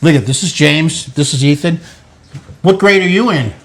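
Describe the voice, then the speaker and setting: An older man with a notably high voice runs a relaxed home cooking show, a casual demonstration with kids. Speaking at a moderate pace, he playfully coaxes and cheers the children on as they work.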